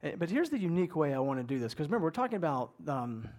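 Middle-aged pastor preaching, chatty and animated, kinda high voice. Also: male voice, very fast. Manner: conversational, animated, acts out inner voices. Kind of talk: sermon.

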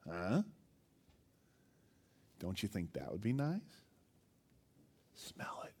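A sly, tempting devil , as a preacher puts him on, leans in with a low, hushed murmur. His voice drops well below the speaker's own and turns soft and coaxing. It slips toward a whisper, sweet and persuasive. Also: huge pitch swings, takes it slowly, slightly rough, full character voice.

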